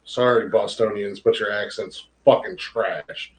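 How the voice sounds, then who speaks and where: A man's voice: on the low side, steady tone, a little slow. A man co-hosting a podcast in casual chat, blunt and opinionated, swearing freely. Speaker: podcast co-host.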